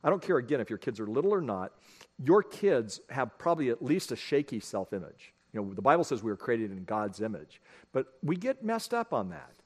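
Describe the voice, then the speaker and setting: A man's voice: mid-range voice, big pitch swings, brisk, darkish tone, husky. A middle-aged man, a pastor, giving a conversational sermon, telling family stories and speaking straight to his congregation. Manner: folksy, storytelling, addresses the congregation directly. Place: church sanctuary.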